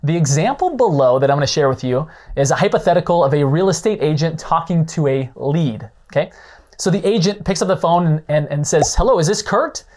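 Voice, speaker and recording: A man with a slightly high, animated voice and a darkish tone talks a little fast as he coaches on real estate leads and referrals. His instruction is explanatory, and he acts out short phone calls as examples, dramatizing the callers a bit.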